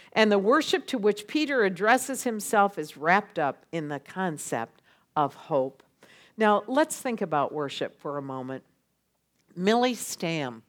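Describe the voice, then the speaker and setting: A middle-aged woman preaching a sermon, swinging from loud pleading to hushed tones and leading her listeners in repeated phrases. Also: medium pitch. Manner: leads the audience in call-and-response. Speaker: speaker at a church gathering.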